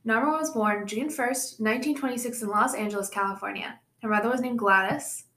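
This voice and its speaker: A woman's voice: on the high side, fairly quick, fairly bright tone. A young woman co-hosting a podcast, telling a true-crime case in a casual way with chatty asides. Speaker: podcast co-host presenting the case. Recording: echoey room.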